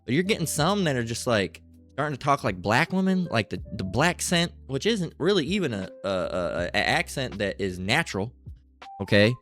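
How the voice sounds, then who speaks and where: A man's voice: medium pitch, big pitch swings, moderate pace, fairly bright tone, faint music behind. Rambling, profane man with an itchy throat. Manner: rambling, profane, full of asides and fillers. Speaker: religious commentator. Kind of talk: casual religious commentary.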